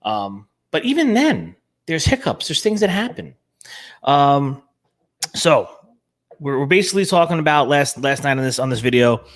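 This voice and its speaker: A man's voice: fairly high pitch, big pitch swings, moderate pace. A man with a New Jersey accent hosting a casual live show, talking with energy and emphasis and often repeating words. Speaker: show host.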